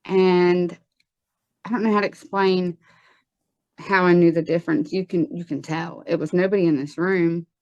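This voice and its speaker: A woman giving a personal testimony in an interview, earnest and halting, with frequent pauses and restarts. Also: on the low side, fairly even intonation, darkish tone, no room sound, muffled recording. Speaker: guest telling her life story.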